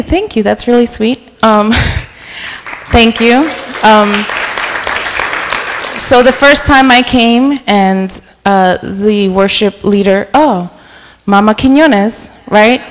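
A middle-aged woman preaching informally in a church, chatty and self-deprecating, then softening into earnest encouragement. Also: a little high. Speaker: guest preacher. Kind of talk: informal sermon. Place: church sanctuary. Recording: long reverb of a church hall.

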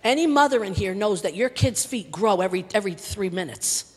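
An older woman preaching a sermon with passion, repeating words for emphasis and swinging from loud to hushed. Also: mid-range voice, animated, brisk, a little hiss or hum. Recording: long reverb of a large hall.

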